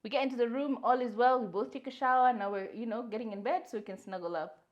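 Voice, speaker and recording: Animated young woman telling a story. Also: a little high, fast talker, lo-fi sound. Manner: animated storyteller, slips into Swahili, acts out quotes. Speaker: podcast co-host. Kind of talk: casual storytelling chat.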